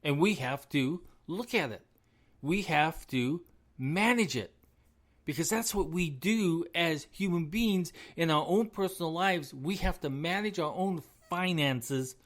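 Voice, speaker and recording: A man's voice: on the high side, a bit bright. A middle-aged man hosts his own podcast in a solo rant. He hammers his points with emphatic repetition and chuckles at himself between lines. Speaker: podcast host.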